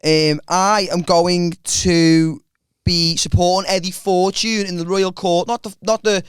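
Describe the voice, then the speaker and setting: Young male comic, high smooth voice, dry mic, excitable plugging. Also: unhurried, dry recording. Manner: excitable, plugging gigs, swearing. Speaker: podcast co-host and stand-up comedian. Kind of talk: casual chat.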